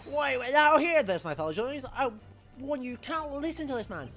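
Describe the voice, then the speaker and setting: A loud, paranoid juror who blusters and stammers as he warns the others, as a woman puts him on. The voice is pushed and emphatic, with pitch swinging widely in a courtroom game. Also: lively intonation, a little fast, faint music behind. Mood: alarmed.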